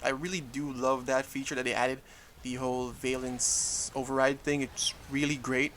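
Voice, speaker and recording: A man's voice: mid-range voice, little pitch movement, normal speed, a bit bright, a little hiss or hum. A young man, casually talking over gameplay footage and often correcting himself as he goes. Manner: casual, rambling, frequent self-corrections. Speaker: gaming YouTuber.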